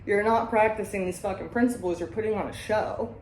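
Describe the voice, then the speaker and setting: A woman's voice: medium pitch, a little fast, noisy background. Woman sponsor ranting casually, swears a ton, keeps going "right?", bit of room echo. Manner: blunt, heavy swearing, keeps asking "right?". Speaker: podcast host and sobriety sponsor. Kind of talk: casual recovery talk. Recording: roomy echo.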